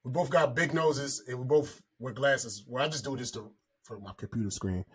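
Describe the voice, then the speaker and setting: A young man from Florida co-hosting a podcast, joking loudly in casual comedic chat. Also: medium pitch, moderate pace, husky. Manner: loud, joking, breaks into improvised raunchy song. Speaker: podcast co-host.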